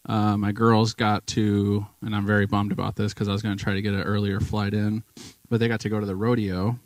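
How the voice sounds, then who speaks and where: A man's voice: lowish voice, little pitch movement, a little fast, no room sound, rough recording. A man giving a casual, emotional sermon in a church, telling a story with lots of restarts and fillers. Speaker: guest preacher.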